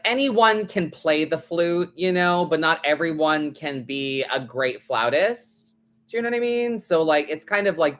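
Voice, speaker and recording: A man's voice: a little high, a bit bright. A man hosting a live tarot stream, talking in a loose, chatty way full of "like" fillers, casual swearing and frequent laughter. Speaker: tarot reader, host.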